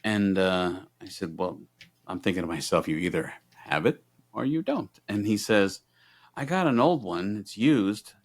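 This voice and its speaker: A middle-aged man co-hosting a podcast tells a story in casual chat, acting out both sides of each conversation. His voice sits lowish and he takes his time.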